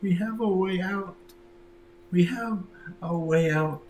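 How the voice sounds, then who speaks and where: A man's voice: sits high, slow pace, darkish tone, a little hiss or hum, voice pushed up, poor audio. A man doing a pleading little girl. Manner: pleading, earnest.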